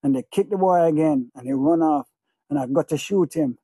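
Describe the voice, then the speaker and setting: A man's voice: a little high, normal speed, creaky, warm tone, breathy edge, dry recording. Male audiobook narrator, obsessive and feverish, dry close recording. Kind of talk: first-person audiobook narration.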